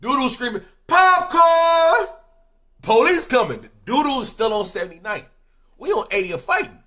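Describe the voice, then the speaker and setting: A young man telling a street story in casual slang, swinging between loud outbursts and low mumbles. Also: animated, brisk.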